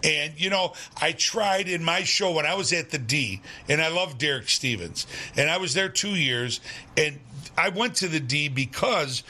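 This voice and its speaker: A man's voice: on the high side, moderate pace. An older man, an entertainer, telling stories in casual chat and acting out the quotes in changing voices. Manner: animated, acts out quotes in other voices. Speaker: entertainer and impressionist.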